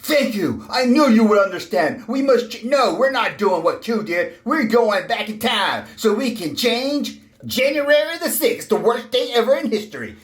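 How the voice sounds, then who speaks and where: A man's voice: extremely high pitch, lively intonation, normal speed, fairly bright tone, pitched above the performer's own voice. A man doing a stammering worried captain. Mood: pleading. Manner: pleading, stammering. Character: earnest worried male starship captain. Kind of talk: comic parody skit. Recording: roomy echo.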